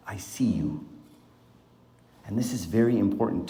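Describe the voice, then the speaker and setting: A man's voice: fairly low pitch, lively intonation, normal speed, pauses often, warm tone. A man giving an informal Bible talk to a small group around a table, asking them questions in a conversational way. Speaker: Bible teacher. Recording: echoey room.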